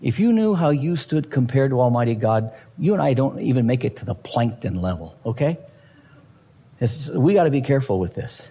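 A man's voice: mid-range voice, sing-song, fairly quick, dark tone, breathy edge, long reverb tail. A man preaching a sermon with humor and energy, acting out the voices of Bible figures as he explains the scripture. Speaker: pastor.

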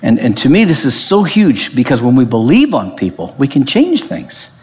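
Male pastor, emphatic sermon delivery, very lively pitch, long hall reverb. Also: moderate pace. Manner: animated, emphatic preaching with frequent restarts.

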